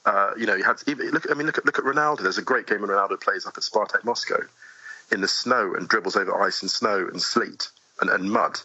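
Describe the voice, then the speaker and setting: A man talking as a guest in a casual podcast chat, animated and quick with asides, often laughing easily. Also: lowish voice, no room sound, dull audio. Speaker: guest poet.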